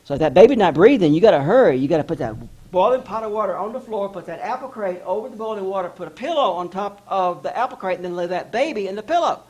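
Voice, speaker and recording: A man voicing a commanding ninety-year-old midwife who talks loudly and bluntly and is half deaf. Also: mid-range voice, expressive, fast talker, hardly any pauses, husky, pitched above the performer's own voice. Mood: instructive. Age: older.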